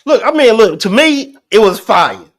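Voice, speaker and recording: A man hosting a poetry show, talking in a casual, animated way with lots of restarts and slang. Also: high-pitched, moderate pace. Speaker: host. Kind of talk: casual chat.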